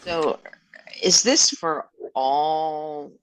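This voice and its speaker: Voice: medium pitch, extremely slow. A fiddle student in a one-on-one lesson, asking curious questions and often trailing off mid-sentence.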